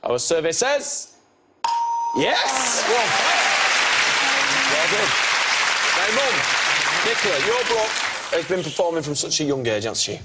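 A man's voice: a little high, big pitch swings, slow pace, long pauses, over a noisy crowd. A man hosting a television game show, upbeat and jokey, teasing the contestants. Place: television studio with live audience. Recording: loud audience and studio noise.

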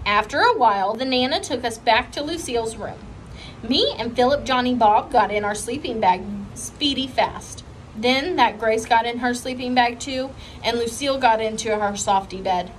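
A woman's voice: a little high, moderate pace, a little hiss or hum, low-quality recording. Woman reading a children's book aloud. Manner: expressive storytelling. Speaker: reader.

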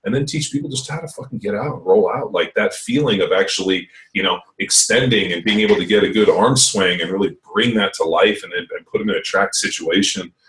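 A deep-voiced man talks loosely on a podcast, rambling through fillers and dropping curse words as he goes. His voice sits a little back from the microphone, so it sounds slightly distant. The pace stays easygoing and conversational. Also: brisk, few pauses, a bit bright, reverberant. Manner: rambling and profane, lots of fillers. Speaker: podcast host. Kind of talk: casual podcast chat.

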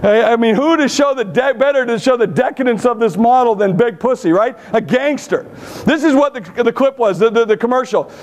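A man giving a conference keynote, telling blunt, brash stories with humor. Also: very high voice. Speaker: keynote speaker. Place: conference stage.

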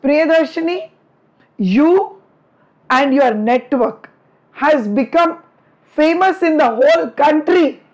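A woman's voice: high-pitched, expressive, slow, long pauses, a little mellow. A middle-aged woman teacher with an Indian English accent, chatting fondly with her students in a live online class, her throat a little strained from lecturing. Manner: chatty, affectionate, teasing with students.

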